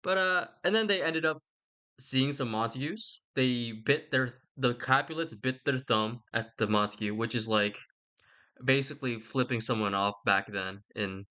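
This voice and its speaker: A man's voice: mid-range voice, moderate pace, bright, forceful tone. A young man giving a rambling, casual retelling of a story, irreverent and slangy, swearing and interrupting himself. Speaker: channel host.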